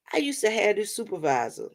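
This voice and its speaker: Gravelly woman chatting to viewers. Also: mid-range voice. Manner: chatty, rambling, addresses viewers as y'all. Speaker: vlogger. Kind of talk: casual storytelling vent to viewers.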